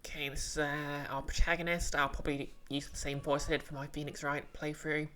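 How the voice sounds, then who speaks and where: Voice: mid-range voice, level tone, fairly quick, noisy background. A streamer playing a game and chatting with viewers in a rambling, casual way, full of fillers and restarts. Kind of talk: casual game livestream chat.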